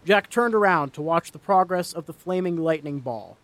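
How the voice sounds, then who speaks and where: A man reading a dark fantasy story aloud in a dramatic, expressive storytelling voice. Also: on the high side, normal speed. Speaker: narrator. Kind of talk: storybook narration.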